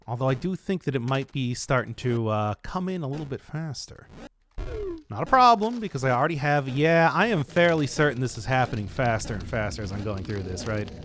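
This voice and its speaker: A man commenting on a puzzle game as he plays, thinking aloud and hesitating, with sudden bursts of excitement. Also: mid-range voice, brisk, few pauses, slight background noise. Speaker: let's play host. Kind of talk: let's play commentary.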